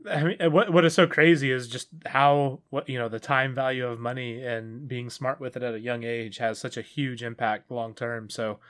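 A man's voice: medium pitch, steady tone, moderate pace, hardly any pauses, fairly bright tone. A man in his early thirties co-hosting a casual podcast, rambling and correcting himself, with frequent laughs. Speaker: podcast co-host.

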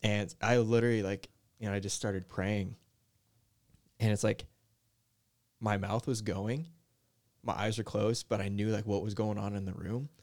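A young man, a worship leader, talking in a soft, mellow, easygoing way in a casual podcast chat, with lots of "like" and "you know". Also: fairly low pitch, steady tone, moderate pace, pauses often. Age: young adult. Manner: soft-spoken, mellow, filler-heavy.

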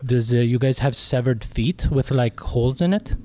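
A man's voice: mid-range voice, moderate pace, a little mellow, a little hiss or hum, lightly acted. A man plays a prank caller with a put-on Count Dracula-style accent. He hesitates and fills gaps with "uh" and "like," keeping a level, middle-range voice. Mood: mock-earnest. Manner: hesitant, filler-heavy, feigned earnest. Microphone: phone call.

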